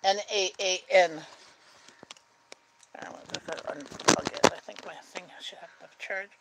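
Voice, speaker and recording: A woman hosting a casual livestream chat at home, gently giving directions. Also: mid-range voice, fairly even intonation, moderate pace, heavy background noise. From Canada.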